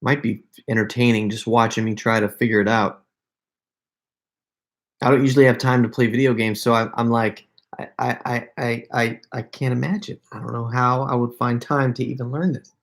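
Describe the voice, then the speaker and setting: A man's voice: mid-range voice, steady tone, moderate pace. Rambling man answering fan questions. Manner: rambling, self-deprecating, stammers and laughs. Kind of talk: casual live Q&A.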